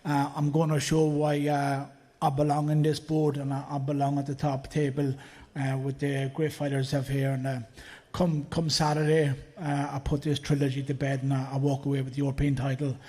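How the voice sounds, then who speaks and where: A man's voice: medium pitch, monotone, normal speed, a little mellow. A man, a bare knuckle fighter, talking hesitantly with many fillers but confidently.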